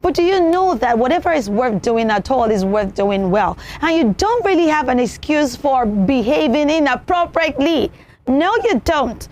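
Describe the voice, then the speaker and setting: A woman presenting a children's television show, teaching manners in an animated way and acting out examples. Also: sits high. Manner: animated, repeats points, acts out examples.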